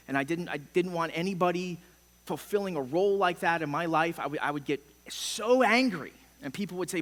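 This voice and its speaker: A middle-aged male pastor preaches with a high, bright, ringing voice. His delivery is impassioned and emphatic, swelling and dropping suddenly. The sound carries a long reverb from a church hall. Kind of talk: sermon. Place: church sanctuary.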